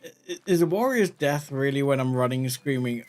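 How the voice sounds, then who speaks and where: A man giving let's play commentary, chatting calmly and then yelling in panic. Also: mid-range voice, fairly quick, hardly any pauses, faint music behind. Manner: excitable, swings from calm chatter to yelling in panic. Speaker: gaming video creator.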